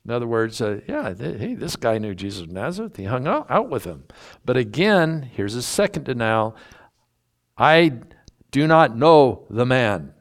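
A man's voice: medium pitch, sing-song, fairly quick. A man preaching a sermon, teaching through a Bible passage in a folksy, emphatic way and drawing out key words. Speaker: pastor.

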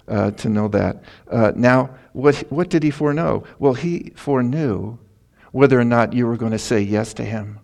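A man's voice: on the low side, vocal fry, darkish tone. A middle-aged male pastor preaching a sermon in a folksy, emotional way, laughing through personal stories.

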